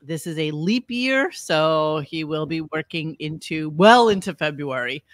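A podcast host chatting casually, rambling and halting with fillers and restarts. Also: mid-range voice, expressive, fairly bright tone, dry recording, clean studio sound. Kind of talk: casual chat.

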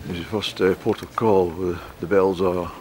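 A man's voice: low-pitched, steady tone, moderate pace, crowd noise. A man chatting in a rambling way as he narrates a walk through narrow town streets on a handheld camera. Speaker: travel vlogger. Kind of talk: walking travel narration. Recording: street noise and passing traffic.

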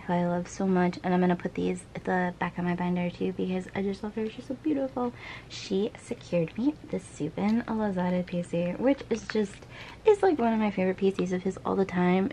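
A woman's voice: mid-range voice, creaky, a little mellow, slight background noise, low-quality recording. Gushing young woman unboxing her collection. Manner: gushing, emotional, giggly. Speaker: K-pop collector vlogger. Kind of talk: casual unboxing chat.

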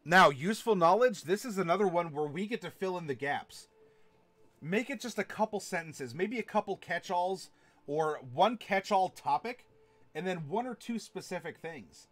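A man running a tabletop game stream, casually teaching how to build villains, chatty and quick to laugh. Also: high voice, expressive, a bit bright. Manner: chatty, laughs often, many fillers and restarts. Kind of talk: casual instructional talk to a live chat.

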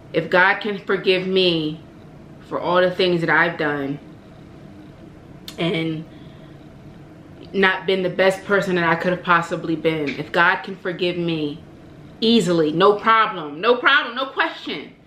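A woman's voice: on the low side, a bit bright, roomy sound, a little hiss or hum, poor audio. A woman vlogger speaking straight to her viewers with heartfelt encouragement, repeating phrases for emphasis and calling them baby and honey. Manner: impassioned and repetitive, preacherly, calls listeners baby and honey. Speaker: mukbang vlogger. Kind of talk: heartfelt direct-to-camera encouragement.

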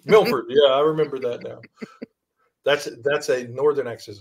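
A man's voice: mid-range voice, steady tone, normal speed, slight background noise. A man being interviewed as an author, chatting casually and cracking playful jokes. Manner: joking, playful banter. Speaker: author guest.

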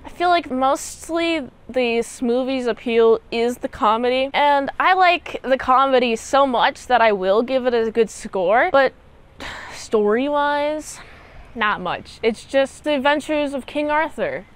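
A woman's voice: high voice, expressive, a little slow, hardly any pauses, clear, resonant tone. A young woman giving a casual movie recap and review, chatty and slangy, peppered with "like" and "dude".

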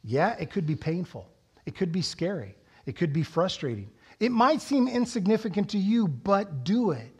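A middle-aged male pastor preaching from the pulpit, his fairly high voice swinging between quiet reflection and loud, excited storytelling. He leans into anecdotes and punches key words for emphasis. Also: normal speed, breathy edge. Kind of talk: sermon. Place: church sanctuary.

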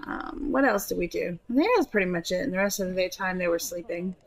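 A woman's voice: fairly low pitch, brisk. A woman giving casual gameplay commentary, chatting to her characters and swearing offhandedly. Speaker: gameplay streamer.

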